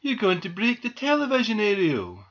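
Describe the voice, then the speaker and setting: A man voicing an anxious small female china doll in a storybook reading, high and fussing. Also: huge pitch swings, normal speed, a bit bright, breathy edge, lo-fi sound, full character voice. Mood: alarmed. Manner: fretful, fussing.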